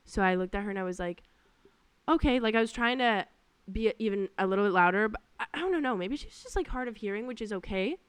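A young woman hosting her own podcast, telling work stories in a casual, animated and exasperated way. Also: medium pitch, fast talker, hardly any pauses, clear, resonant tone, no room sound. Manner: animated, exasperated, lots of fillers. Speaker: podcast host. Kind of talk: casual storytelling monologue.

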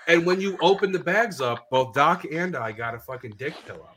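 A man's voice: a little high, lively intonation, a little fast, very noisy. Profane man telling stories on a podcast. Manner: profane, storytelling, laughs often. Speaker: podcast host. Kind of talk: casual podcast banter.

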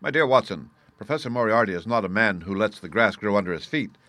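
An adult man voicing a calm, confident detective who speaks with composed irony in an audiobook reading. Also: fairly low pitch, fast talker, no room sound.

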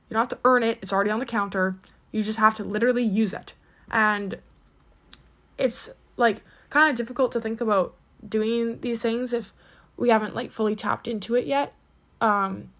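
A woman's voice: on the high side, fairly bright tone. A woman giving a casual, earnest devotional talk as host, full of "like" and "um" fillers. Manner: earnest, encouraging.

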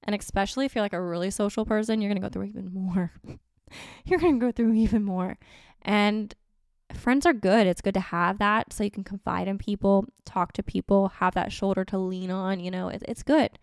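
A woman's voice: mid-range voice, fairly even intonation, brisk, gravelly, clear, resonant tone, no echo. Thirties woman just chatting to camera, rambly, keeps correcting herself, clean dry sound. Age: 30s. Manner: rambling, chatty, self-correcting with frequent laughs. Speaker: vlogger. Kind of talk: casual chat to camera.

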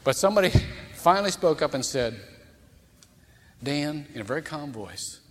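A male pastor delivers a storytelling sermon in a casual, folksy and animated way. His voice sits slightly high. A long reverb from a church sanctuary trails behind each phrase. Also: fast.

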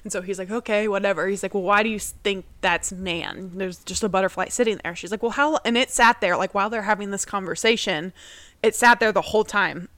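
A woman's voice: medium pitch, steady tone, a little fast, fairly bright tone, no echo. A young woman co-hosting a podcast, telling a personal family story casually and loosely, with lots of fillers and acted-out quotes of her relatives. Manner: rambling, heavy on fillers, acts out quoted family voices. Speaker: podcast co-host.

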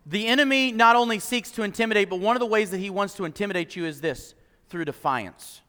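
A male pastor with a very high, bright, forceful voice preaches an animated sermon. He acts out quotes and stumbles over repeated words as he restarts. His voice carries a long reverb, as in a church hall. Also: quick pace.

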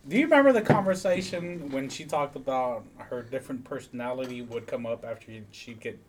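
A man from the American South joking dryly on a casual podcast. His voice has a middle pitch, with faint noise in the background. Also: a little fast. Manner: wry, joking questions.

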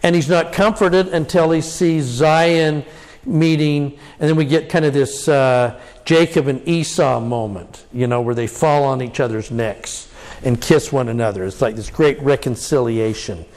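A man giving an informal scripture lesson. He talks in an animated way, chuckles often, stresses key words with rising cries, and thinks aloud with fillers. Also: mid-range voice, unhurried. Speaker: scripture teacher.

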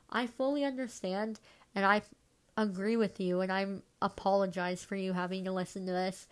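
A woman with a stuffy, slightly nasal voice talks alone into her podcast mic. Her chat rambles, full of "like"s and little self-mocking asides. Her pitch sits in an ordinary middle range for a woman. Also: fairly even intonation, brisk. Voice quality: nasal from congestion. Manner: rambling, self-deprecating, many "like"s. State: stuffed up, congested. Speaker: podcast host.

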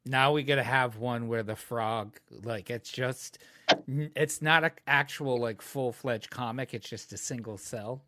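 A man's voice: mid-range voice, measured pace, pushed and bright, no room sound. A man riffing on absurd comic ideas in casual chat.

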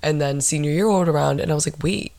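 Blunt, gravelly young woman podcaster. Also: low voice, very fast, no echo. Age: 20s. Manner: blunt, profane, animated storytelling. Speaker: podcast host. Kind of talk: casual solo chat.

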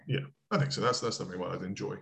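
A man's voice: lowish voice, very fast, gravelly, a bit bright. A man, a coach chatting as an interview guest, rambling with lots of filler words and casual swearing. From United Kingdom.

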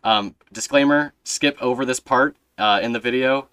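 A young man hosting a casual podcast chat, telling stories in a rambling, animated way with plenty of fillers. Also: medium pitch, normal speed, clear, resonant tone, dry recording. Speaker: podcast host.

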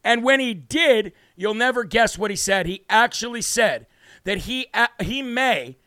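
A man's voice: sits high, lively intonation, a little slow, bright, forceful tone, dry recording, studio quality. A man hosting a live political talk show, brash and combative, with mocking asides to viewers. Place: home studio.

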